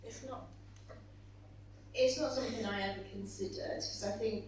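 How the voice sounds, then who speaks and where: A chatty woman author speaking on a conference panel, animated and prone to trailing off mid-thought. Her mid-pitched voice comes from a distance in a very echoey hall, with a faint hum beneath it. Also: moderate pace.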